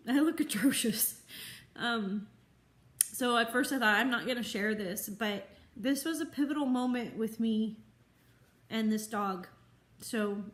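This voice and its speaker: A woman speaks slowly and earnestly in a fairly high voice, teary and sniffly after crying. Her heartfelt vlog talk rings through an echoey room. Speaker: dog trainer. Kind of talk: emotional vlog talk to camera.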